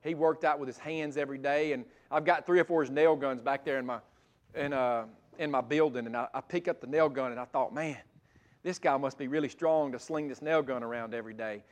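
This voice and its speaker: A middle-aged male pastor preaching a sermon, moving from loud emphatic passages to soft, intimate ones. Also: mid-range voice, a little fast.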